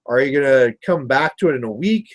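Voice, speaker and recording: A man's voice: medium pitch, animated, a little fast. A Canadian man hosting a painting livestream, chatting casually and rambling through stories while he paints. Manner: rambling storyteller, chatty with viewers. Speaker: miniature painting livestream host.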